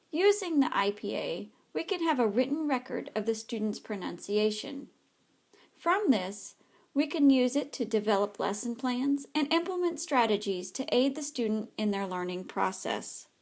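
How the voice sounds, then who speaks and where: A woman, an ESL teacher, reads a scripted slide presentation carefully, with small slips. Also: on the high side.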